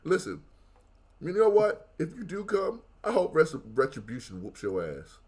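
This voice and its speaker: A man guest-hosting a wrestling podcast, talking in casual banter with animated, mock-outraged rants. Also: a little high, moderate pace.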